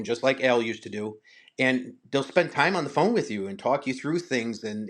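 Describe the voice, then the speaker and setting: An older man, a martial arts guest, telling stories in a casual interview, acting out what others said and often repeating words. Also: medium pitch. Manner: animated storyteller, acts out quotes, repeats words.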